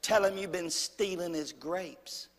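A man's voice: high-pitched, measured pace. A man voicing his stern mother scolding her young son, in a reverberant hall. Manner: firm, scolding.

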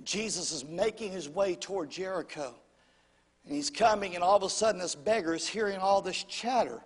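A male preacher telling a story in a sermon, swinging from shouts to whispers and calling out to the congregation. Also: high-pitched, moderate pace, husky, in a large hall.

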